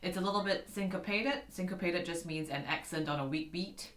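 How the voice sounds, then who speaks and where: Chatty woman teaching piano, low voice. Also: fairly quick, fairly bright tone. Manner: chatty, addresses viewers as guys, scats rhythms. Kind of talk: casual online keyboard lesson. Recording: echoey room with piano.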